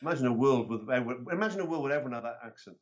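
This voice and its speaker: A man's voice: mid-range voice, lively intonation, racing, dull audio. A man with a South Welsh accent, a former rugby player and guest, joking in crude, rambling banter. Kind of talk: casual chat.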